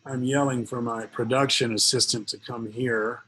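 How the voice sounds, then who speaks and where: Male webinar host, husky voice, rambling jokey delivery full of fillers. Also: mid-range voice, steady tone, moderate pace, fairly bright tone, low-quality recording. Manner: rambling, joking, many fillers. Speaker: webinar host and investment speaker. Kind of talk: casual webinar talk with jokes.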